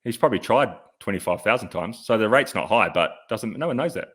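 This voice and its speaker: A man's voice: fairly low pitch, animated, brisk, breathy edge. A man hosting a podcast, talking in a laid-back, blunt way with crude humour. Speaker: podcast host. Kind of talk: casual chat.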